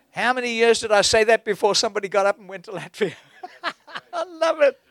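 A man's voice: high voice, fairly bright tone, dry recording. A man preaching a sermon in an exhorting way, breaking into chuckles.

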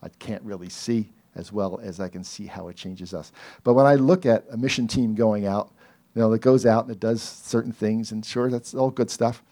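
Middle-aged man, preacher, dark mellow tone, chatty rambling sermon delivery with lots of asides. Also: on the low side, normal speed. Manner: conversational, rambling, many asides and self-corrections. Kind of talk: casual sermon.

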